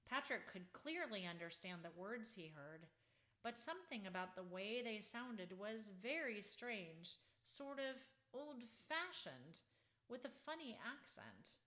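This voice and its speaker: A woman author reading her children's book aloud in an expressive, unhurried storybook manner. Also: medium pitch.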